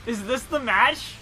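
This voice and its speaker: Excitable young man with loud outbursts. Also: on the high side. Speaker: let's play co-host. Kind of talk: casual gaming commentary.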